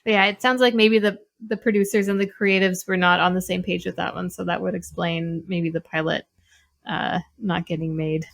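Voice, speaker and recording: A woman hosting a podcast, chatting candidly with a guest in a relaxed interview and laughing easily. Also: on the low side, moderate pace, vocal fry. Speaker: podcast host. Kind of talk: casual interview chat.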